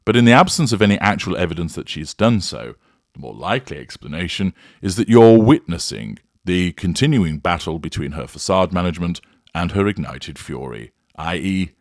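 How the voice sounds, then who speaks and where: A man with a very low voice gives a slow, deliberate, analytical commentary. He speaks into a close mic with a dry, dead sound and no room around him. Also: big pitch swings, no room sound. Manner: measured, deliberate, analytical delivery. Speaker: commentator analysing a public figure. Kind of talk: scripted commentary monologue.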